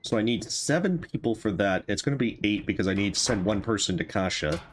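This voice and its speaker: Guy streaming a game, musing out loud, pretty animated voice, faint hiss behind. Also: fairly low pitch, brisk. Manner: thinking aloud, musing over choices. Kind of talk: casual gameplay commentary.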